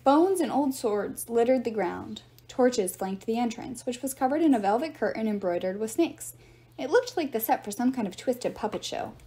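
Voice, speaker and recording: A woman narrating a novel aloud in a steady, even storytelling manner. Her voice is mellow and warm, pitched slightly high. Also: normal speed. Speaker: reader.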